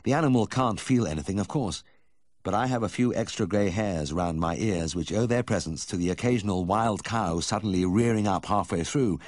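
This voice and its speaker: A man reading a memoir aloud as audiobook narration, telling the story in a measured first-person voice. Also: low voice, darkish tone, no room sound, studio quality. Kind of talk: scripted narration.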